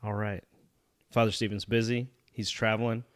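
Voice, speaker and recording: A man's voice: on the low side, flat delivery, normal speed. A man hosting a podcast in a casual, rambling and jokey way. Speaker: podcast host.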